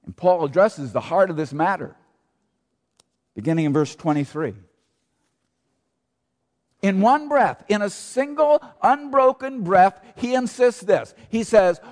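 A man's voice: a little high, expressive, unhurried, pauses often, darkish tone. A man preaching a sermon as pastor, emphatic, asking rhetorical questions and repeating key phrases. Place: church sanctuary. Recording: long church reverb.

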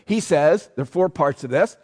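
In a church sanctuary with long reverb, a pastor preaches emphatically, posing rhetorical questions and repeating key phrases. His fairly high, darkish voice is expressive and moves at a moderate pace.

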